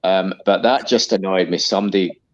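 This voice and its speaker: A man's voice: deep voice, fairly even intonation, fairly quick, muffled recording. A man joining a casual livestream as a guest, telling long, rambling anecdotes. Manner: long-winded anecdotal storytelling. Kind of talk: casual live-stream chat.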